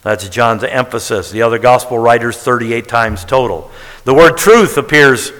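A man preaching in a sermon style, leaning hard on key words as he works through counts. His voice sits at an ordinary middle pitch and carries a long reverb from a large hall. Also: moderate pace, a bit bright. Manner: emphatic, counting out word tallies with stress on key words. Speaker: preacher teaching the Bible. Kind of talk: sermon-style Bible teaching.

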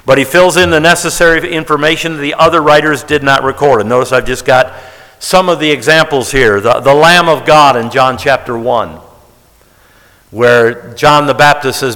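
A man's voice: medium pitch, normal speed, bright, forceful tone. A man giving a sermon-style Bible lesson in a plain, conversational way, often repeating himself and restarting phrases. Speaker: Bible teacher. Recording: reverberant hall.

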